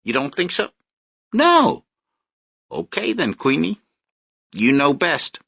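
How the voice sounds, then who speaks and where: A wry young activist who lectures passers-by and teases a child, as a male narrator plays him. His voice sits high and swings widely. The recording is dry and a little dull. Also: huge pitch swings, slow, creaky, pushed and bright, breathy edge, no room sound, heavily acted. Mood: teasing. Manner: teasing, lecturing, emphatic. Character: wry young male street-corner activist and law student.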